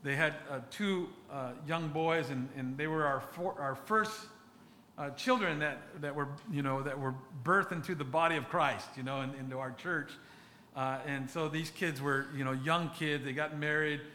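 Bright-voiced pastor preaching earnestly. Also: male voice, on the high side, a little hiss or hum. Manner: earnest, halting, with many restarts and repeated words. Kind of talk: sermon.

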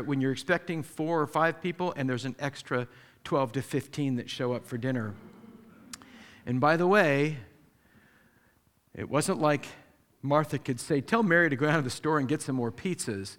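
A man preaching a sermon as pastor, animated, acting out the people he quotes with sudden jumps in pitch. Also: normal speed. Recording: long hall reverb.

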